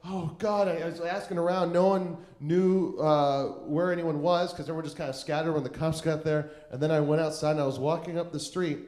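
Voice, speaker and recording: Rambling stand-up comic with a higher voice. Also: male voice, steady tone, brisk, hardly any pauses, a little mellow, echoey room. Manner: rambling, self-mocking, full of "like" and restarts. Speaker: stand-up comedian. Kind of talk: stand-up storytelling. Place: comedy club stage.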